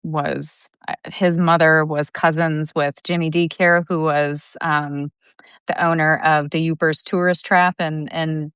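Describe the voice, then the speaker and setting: A woman from Michigan's Upper Peninsula, a guest on a casual chat, who tells stories in a lively way and acts out her own reactions. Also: low voice, a little slow, clear, resonant tone, no room sound, studio quality.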